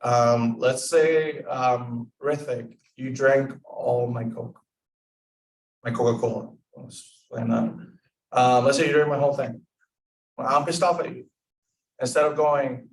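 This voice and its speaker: A young man runs a casual club discussion in a meeting room, talking at normal speed in a mid-range voice. He rambles, leans heavily on fillers, and acts out sample dialogue, while the room echoes and the mic sits far off.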